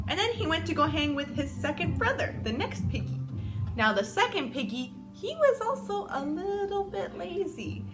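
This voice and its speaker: A woman reads a fairy tale aloud to children, her voice high and bouncing through a wide range. She works as a kids' gym instructor and tells the story in a sing-song way. Music plays underneath. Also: big pitch swings, moderate pace.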